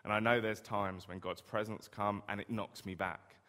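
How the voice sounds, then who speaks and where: A man's voice: fairly low pitch, fairly even intonation, normal speed, bright, forceful tone. A man preaching a sermon in a conversational way, often asking the listeners rhetorical questions. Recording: long reverb of a hall.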